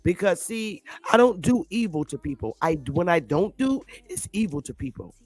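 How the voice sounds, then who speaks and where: A woman's voice: lowish voice, sing-song, moderate pace, darkish tone, slightly rough, dry recording, soft background music. Blunt, cursing woman with dry sound. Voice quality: defiant, combative delivery. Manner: blunt, heavy profanity, emphatic repetition. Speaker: commentary vlogger. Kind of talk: unscripted opinion monologue.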